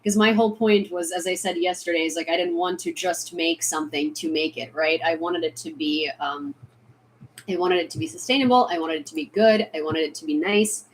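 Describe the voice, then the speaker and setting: A woman's voice: fairly low pitch, fairly quick, slight background noise. Chatty woman with an American accent. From Ukraine. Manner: chatty, many fillers and restarts, bursts of excitement. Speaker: vlogger answering chat. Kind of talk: casual live stream chat.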